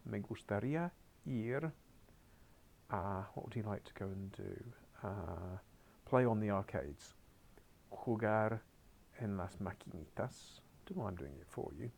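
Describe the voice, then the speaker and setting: A low-voiced man with a gravelly edge, teaching a beginners' class. He coaxes his pupils through the work, slipping in dry asides and dropping now and then to a muttered whisper. He sounds like he is standing in a school classroom. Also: darkish tone. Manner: coaxing, wry asides, drops to muttered whispers. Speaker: Spanish teacher.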